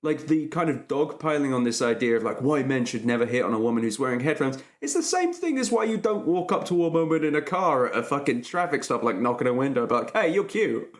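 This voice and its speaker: A man hosting a podcast, riffing with sarcastic jokes and animated opinions in casual chat. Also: mid-range voice, fast talker, hardly any pauses.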